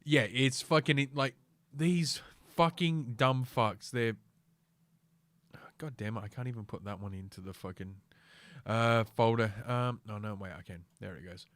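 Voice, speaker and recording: A man's voice: mid-range voice, a little slow, a bit bright, no room sound. Brief: middle-aged male podcaster, swearing, sardonic rambling rant, dead-dry recording. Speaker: podcast host. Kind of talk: casual solo podcast rant.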